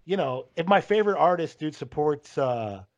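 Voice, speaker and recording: A man hosting a casual podcast chat, rambling along and dropping "dude" into nearly every sentence. His voice sits a bit higher than most men's. The recording sounds dull and lo-fi. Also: lively intonation, moderate pace. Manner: rambling, says "dude" a lot. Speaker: podcast host.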